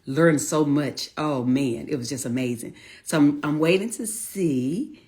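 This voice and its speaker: A woman in her forties chats casually on her own livestream, speaking into a phone or laptop mic. She greets viewers by name, calls them honey, and keeps up a friendly, excited patter while waiting for her guest. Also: low voice, unhurried. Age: 40s. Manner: warm, chatty Southern-style greetings, calls viewers honey and y'all. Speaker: livestream host.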